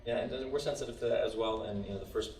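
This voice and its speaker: A man's voice: fairly low pitch, fairly even intonation, very fast, a little mellow. A man presenting building plans at a meeting, reassuring and full of "you know"s. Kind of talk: meeting discussion. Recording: echoey room, far from mic.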